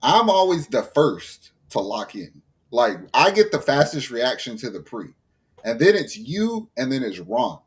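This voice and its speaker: A man with a Texan accent co-hosting a casual podcast, telling profane, animated stories about his gym routine. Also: medium pitch, unhurried. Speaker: podcast co-host. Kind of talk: casual chat.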